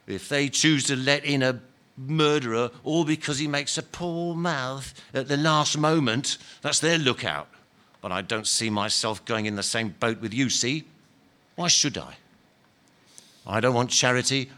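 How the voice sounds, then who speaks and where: A man reading a novel aloud performs a bitter, self-righteous ghost who was once a workman, giving him a somewhat higher, pushier voice than his own that stays bright and close to everyday speech. The ghost is indignant and stubborn, insisting on his grievances in blunt, ungrammatical working-class talk.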